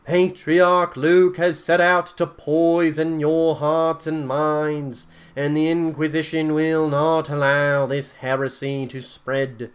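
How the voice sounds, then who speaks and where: A man voicing a stern male herald of a church inquisition, proclaiming slowly and solemnly while reading a text game aloud. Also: on the high side, level tone, clean tone. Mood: stern, commanding.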